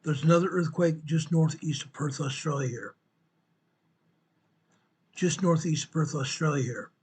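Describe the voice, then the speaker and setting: A man hosting a show, walking viewers through an earthquake map in a slow, emphatic way and repeating his points. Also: a little high, a little mellow, slightly rough. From United States. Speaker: show host presenting earthquake updates. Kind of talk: informal map walkthrough commentary.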